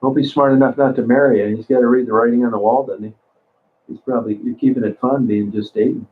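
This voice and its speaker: This livestream host talks fast at a medium pitch in a steady tone, going through viewers' comments and responding crudely and bluntly. The sound is thin and tinny, like a phone.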